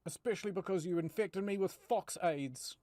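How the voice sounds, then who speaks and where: A man's voice: high-pitched, moderate pace, warm tone, no room sound, studio quality, voice pushed up, close to an everyday voice. A man voicing a grumpy, fed-up male soldier in a whiny, exasperated tone.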